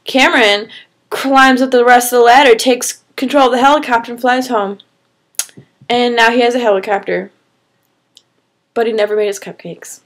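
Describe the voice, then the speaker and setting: A woman's voice: a little high, fairly even intonation, normal speed, long pauses. A woman casually telling a made-up story, rambling with fillers and swearing.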